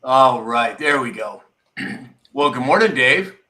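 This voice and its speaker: A man's voice: mid-range voice, lively intonation, takes it slowly, bright, forceful tone. A man hosting a casual morning live stream, greeting viewers by name and teasing them. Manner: chatty, teasing, reads out viewer names. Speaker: live show host.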